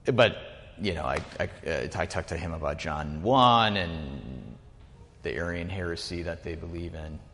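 A man's voice: low-pitched, a little slow, fairly bright tone, in a large hall, slight background noise. A man, likely a pastor, giving an informal, rambling teaching talk to a group, often correcting himself mid-sentence. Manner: rambling, self-correcting, chatty with asides.

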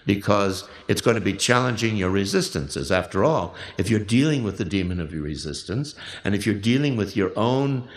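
A man leading a workshop and giving measured, reflective spoken instructions for a recorded exercise, often restarting his phrases. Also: fairly low pitch, expressive, reverberant. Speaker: workshop leader.

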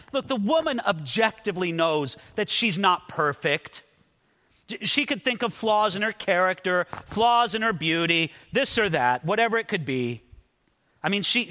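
Earnest guy preaching a sermon, bright forceful voice, stumbles and repeats words for emphasis, long hall echo. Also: sits high. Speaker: pastor. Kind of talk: expository sermon.

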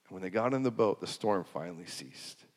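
A man preaching a sermon, swinging from hushed to loud and repeating phrases for emphasis. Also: deep voice, lively intonation, fairly quick. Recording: long hall reverb.

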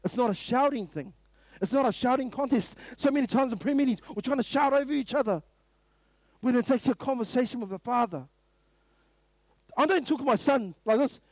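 Brisk and very high-voiced, a New Zealand man preaches a sermon at a morning prayer meeting, full of repeated rhetorical questions and forceful emphasis. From time to time he breaks into a loud burst, and the recording is dry.

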